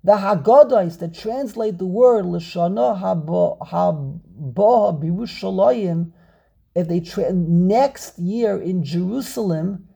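Slow, gravelly man teaching scripture. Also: high voice, dark tone. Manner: emphatic, repeats key points, frequent "okay". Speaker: Torah teacher. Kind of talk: online scripture class. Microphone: video call.

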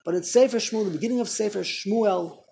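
A man teaching a Torah lesson, impassioned, with halting restarts that build to loud emphatic peaks. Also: sits high, gravelly, a little hiss or hum. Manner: halting restarts and repeated words.

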